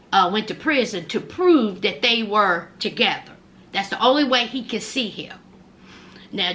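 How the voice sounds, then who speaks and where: A woman giving a casual recap in commentary. She talks in a sassy, exclamatory storytelling way. Her voice sits high and bright and swoops widely. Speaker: reality TV recap vlogger.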